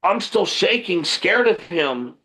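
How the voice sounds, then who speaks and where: A man, a guest pro wrestler, telling a personal story in animated podcast chat and acting out the dialogue. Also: sits high, takes it slowly, slightly rough, low-quality recording. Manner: vivid retelling that acts out the dialogue.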